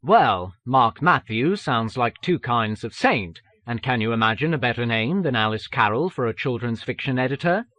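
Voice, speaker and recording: A man voicing a dry, slow-spoken husband and writer in an audiobook. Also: medium pitch, animated, fairly bright tone, no room sound, close to an everyday voice.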